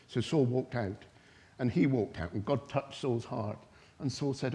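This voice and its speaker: A man's voice: mid-range voice, a little slow. Impassioned preacher man without notes. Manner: impassioned, rising to loud emphatic bursts then dropping soft; speaks without notes, retelling scripture with voiced quotes. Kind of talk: sermon.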